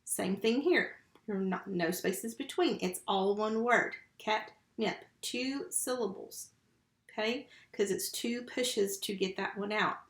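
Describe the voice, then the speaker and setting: A patient woman teacher leads a remote phonics lesson for first graders, sounding out syllables and spelling letters one at a time. Her voice sits at an everyday middle pitch. The room around her gives a noticeable echo. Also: takes it slowly.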